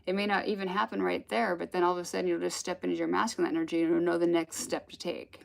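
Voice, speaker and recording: A woman's voice: on the low side, level tone, fast, gravelly. A woman giving a casual spiritual talk, telling stories in a rambling, chatty way. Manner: rambling, chatty storytelling with laughs. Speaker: spiritual teacher.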